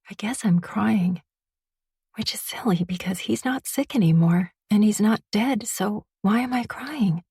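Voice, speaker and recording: Very breathy slow female narrator. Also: on the low side, dark tone, no echo, clean studio sound. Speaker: audiobook narrator. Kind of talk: first-person romance audiobook narration. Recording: distant mic.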